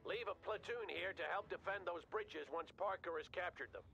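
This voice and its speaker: A curt, commanding army colonel. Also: male voice, sits high, moderate pace, gravelly. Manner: curt, authoritative. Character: bold commanding male American colonel. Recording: game audio over game music.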